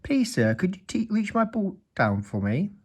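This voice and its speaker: A man's voice: high-pitched, sing-song, normal speed, a little mellow, breathy edge, pitched above the performer's own voice, heavily acted. A man putting on a tearful little boy. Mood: pleading. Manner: pleading. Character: crying little boy, pleading.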